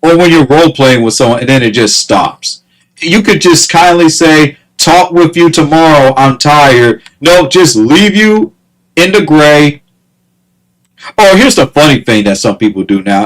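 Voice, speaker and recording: Casual male vlogger, fairly high voice, animated exasperated rant. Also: moderate pace, rough recording. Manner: animated, exasperated, repeats himself, laughs often. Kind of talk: casual ranting monologue.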